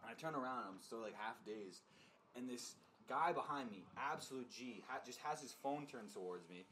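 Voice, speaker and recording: A man's voice: mid-range voice, expressive, normal speed, a bit bright, a little hiss or hum. A young man in casual podcast chat, telling a story with lots of fillers and swearing. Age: young adult. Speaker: podcast co-host.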